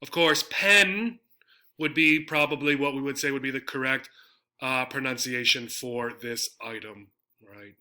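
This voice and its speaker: Bright-voiced man teaching English words. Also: medium pitch, level tone, moderate pace. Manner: explanatory, frequent tag "right?" checks. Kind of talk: slide-based vocabulary lesson.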